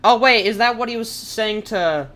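A man commenting on a game in a loud, joking and reactive way. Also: high voice, moderate pace, slight background noise. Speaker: gaming video creator. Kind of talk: let's play commentary.

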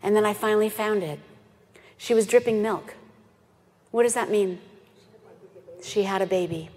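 A woman's voice: mid-range voice, moderate pace. Woman telling a story in a reverberant hall. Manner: animated, acts out quoted voices. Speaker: animal sanctuary founder giving a talk. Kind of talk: storytelling presentation. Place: festival stage in a hall.

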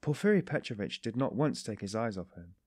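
A man reads a classic novel aloud in a steady, measured storytelling voice. His voice sits low, and the recording is close and dry, with no room around it. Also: slightly rough, no room sound. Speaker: audiobook narrator. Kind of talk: scripted audiobook narration.

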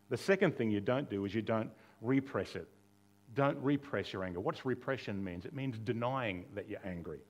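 A male pastor preaching a sermon in a conversational way, with rhetorical questions, touches of humor and quoted dialogue that he acts out. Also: mid-range voice.

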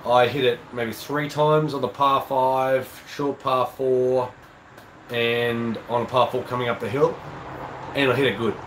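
A man's voice: mid-range voice, fairly even intonation, unhurried, fairly bright tone, echoey room, slight background noise, low-quality recording. Chatty Australian man with a stuffy cold. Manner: casual, chatty, rambling with fillers. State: nasal from a cold. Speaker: golf channel host. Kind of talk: live-stream chat reading viewer comments.

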